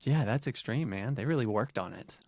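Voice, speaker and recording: A man in his forties co-hosting a casual podcast chat, wry and quick to laugh. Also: medium pitch, animated, dry recording, clean studio sound. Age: 40s. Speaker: podcast co-host.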